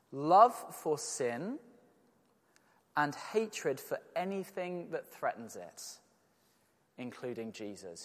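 Earnest preacher in an echoing church. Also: male voice, fairly high pitch. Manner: earnest, emphatic, with rhetorical questions. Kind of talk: sermon. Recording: long church reverb.

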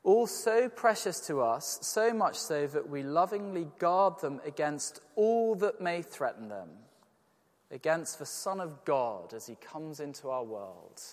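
A man's voice: fairly high pitch, very animated, unhurried. A man preaching a sermon, earnest and emphatic, with rhetorical questions. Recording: long church reverb.

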